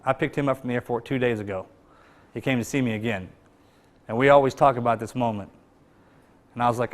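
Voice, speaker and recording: A middle-aged military veteran telling a war story in a blunt, conversational way, often dropping to a low, quiet voice. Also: male voice, fast. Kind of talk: personal war story told to an audience.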